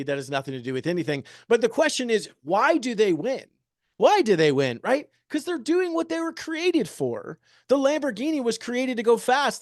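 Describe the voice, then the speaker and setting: Energetic male speaker, thirties, slightly higher voice, playful and motivational, dry sound. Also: no echo. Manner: energetic, quizzes the audience with rhetorical questions; joking, upbeat. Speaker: real estate agent giving a talk. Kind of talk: motivational presentation to an audience.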